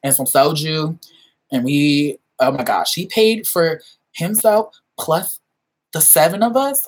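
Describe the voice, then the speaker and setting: Lively husky low-voiced young woman. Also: takes it slowly. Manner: animated, acts out quoted voices with big pitch jumps, laughs often. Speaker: vlogger. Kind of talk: casual storytelling chat.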